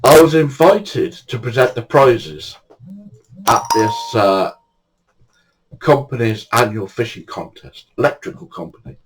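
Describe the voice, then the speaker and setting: An older man spins casual anecdotes in a chatty, laugh-prone way. His pitch sits mid-range but swings around animatedly as he tells the story. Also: expressive, unhurried, a little hiss or hum, low-quality recording. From England. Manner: chatty, laughs often while telling stories.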